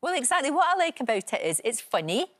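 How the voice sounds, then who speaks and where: A woman's voice: high voice, sing-song, fast. A woman hosting a morning talk show, chatting with enthusiastic reactions. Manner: warm enthusiastic interjections. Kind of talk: casual chat interview.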